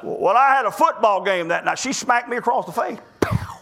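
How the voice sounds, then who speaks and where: A middle-aged preacher man delivers a folksy sermon in a very high, bright, keen voice. He often stumbles and restarts his phrases as he tells his stories. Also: expressive, brisk, vocal fry. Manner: folksy storytelling with repeated restarts.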